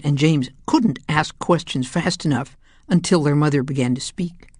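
A woman narrates a children's story in a calm, measured way. Her voice sits low, and the recording is dry and close with no room sound. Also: slightly rough, no room sound. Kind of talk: audiobook narration.

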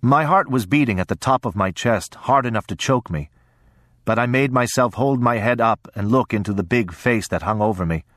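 A low-pitched man narrates a first-person story in a measured, steady audiobook reading. The sound is close and dry, with no room echo. His delivery stays even and unhurried.

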